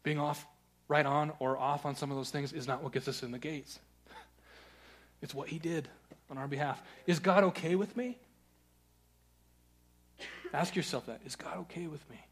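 A man preaching a sermon, earnest, moving between loud urging and hushed, searching questions. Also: fairly high pitch, normal speed, pauses often. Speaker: pastor.

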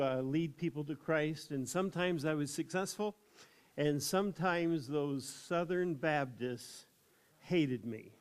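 A man's voice: fairly high pitch, a little mellow, clear, resonant tone. Older American man preaching a sermon. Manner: unhurried storytelling that rises into emphatic preaching. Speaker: pastor.

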